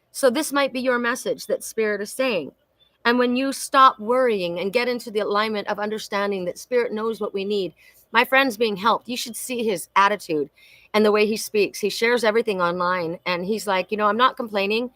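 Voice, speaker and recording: A woman's voice: medium pitch, normal speed, fairly bright tone, no room sound. A middle-aged woman hosting a weekly oracle card reading, talking in an emphatic, heartfelt way with many repetitions and restarts. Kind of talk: spiritual live-stream talk.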